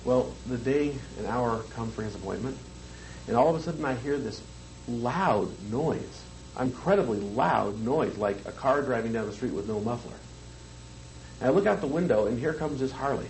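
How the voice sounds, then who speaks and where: Male hypnosis trainer, seminar lecture, conversational, medium pitch. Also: expressive, moderate pace, darkish tone, a little hiss or hum, poor audio. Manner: conversational, keeps checking in with the room.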